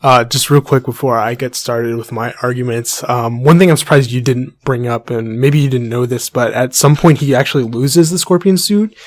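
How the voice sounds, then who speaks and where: A young man chatting on a podcast in a dry, close-miked sound. He talks at a medium pitch with a playful, teasing edge as he runs the show. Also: moderate pace, hardly any pauses, no room sound. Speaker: podcast co-host. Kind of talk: casual podcast chat.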